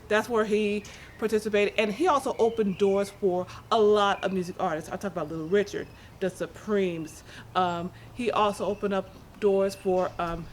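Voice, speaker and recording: A woman hosting an entertainment show, narrating a music tribute segment in a conversational way with a few fillers and restarts. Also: medium pitch. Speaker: show host.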